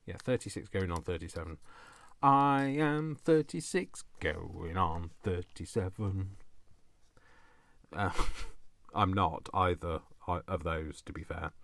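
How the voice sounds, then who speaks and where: Guy, middle-aged, low voice, slow and playful, chats to himself while he crafts. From England (Coventry). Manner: playful, chatty, talks to himself. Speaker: craft vlogger. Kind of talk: casual chat while crafting.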